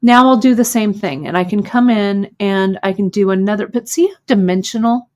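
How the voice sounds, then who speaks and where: A woman's voice: medium pitch, normal speed, lo-fi sound. A woman hosting a live craft lesson, explaining each step patiently and checking in often with the viewers. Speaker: host demonstrating bead embroidery.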